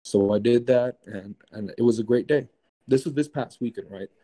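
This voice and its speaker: A young man recounts a strange night in loose, animated talk, packed with fillers and swearing. His voice is warm and dark, and his pitch sits in an ordinary middle range. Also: normal speed, low-quality recording. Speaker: guest. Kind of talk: casual storytelling.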